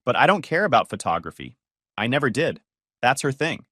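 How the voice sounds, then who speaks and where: A man's voice: mid-range voice, big pitch swings, a little fast, a bit bright, dry recording, clean studio sound. A man voicing a tired, frustrated nineteen-year-old daughter in his own narrating voice. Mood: weary.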